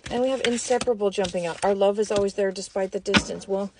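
A woman's voice: mid-range voice, quick pace, very noisy. A young woman giving a casual tarot reading, talking bluntly and chattily with lots of filler words and the odd swear. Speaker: tarot reader.

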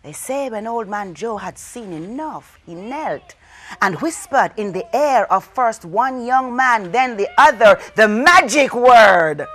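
A woman telling a folk tale to children, dramatic, with call-and-response and hushed whispers. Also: on the high side, expressive, takes it slowly. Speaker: storyteller. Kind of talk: storytelling for children.

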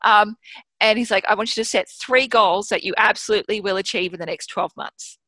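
A woman's voice: medium pitch, a little fast, no room sound. An Australian woman in her thirties, telling stories frankly in a casual conversation, swearing freely and acting out her own thoughts. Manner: frank, swears freely, lively storytelling with quoted inner voices. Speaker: guest author and business mentor.

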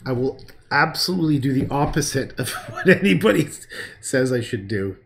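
A man with a mid-range, creaky voice and wide swings in pitch talks at a moderate pace. He chats casually with viewers while painting on a livestream, joking, cursing, and laughing at his own jokes. He responds to viewers' comments along the way.

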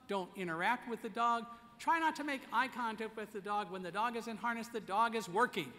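High, bright-voiced male keynote speaker. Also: lively intonation, quick pace. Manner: vivid, direct, commanding. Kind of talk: storytelling speech to an audience. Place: conference hall. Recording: echoey conference hall.

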